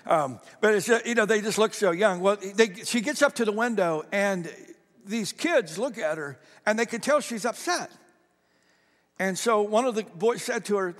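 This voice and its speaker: A man preaching a sermon as a pastor, animated, moving between loud emphasis and soft storytelling. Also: sits high, a little slow. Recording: long hall reverb.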